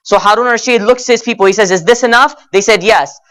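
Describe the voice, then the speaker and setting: A man giving a religious lecture at an Islamic center, telling stories earnestly and slowing down to stretch key words, rising in pitch and force when he argues his point. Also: fairly bright tone. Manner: rises in pitch and intensity when arguing; addresses audience as brothers and sisters.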